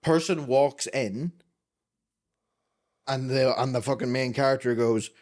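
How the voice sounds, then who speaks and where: A man's voice: mid-range voice, unhurried. A man co-hosting a podcast, brainstorming casually and swearing freely, acting out scenes with little voices. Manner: profane, animated, acts out scenes with voices. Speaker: podcast co-host.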